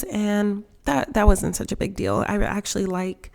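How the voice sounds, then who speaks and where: Here the Sims gaming vlogger, a woman in her 20s, uses a steady, medium-pitched voice that's gravelly and darkish, at a moderate pace. She chats over game footage with lots of filler and self-consciousness, emotional to the point of nearly crying.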